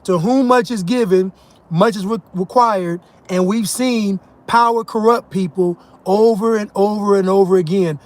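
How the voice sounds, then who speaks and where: A commentator delivers an emphatic, mocking monologue rant and laughs at his own points. He speaks at a moderate pace in a high voice.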